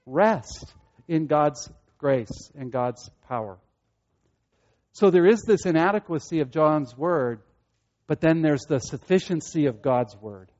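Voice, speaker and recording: A man preaching a sermon earnestly, repeating himself and building to excited peaks. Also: fairly high pitch, takes it slowly, lo-fi sound. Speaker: pastor.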